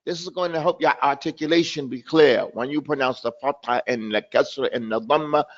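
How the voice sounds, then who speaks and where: A man's voice: medium pitch, a little fast, muffled recording. A man teaching an online language class, stressing and repeating words over and over to drill his students' pronunciation. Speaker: Arabic teacher.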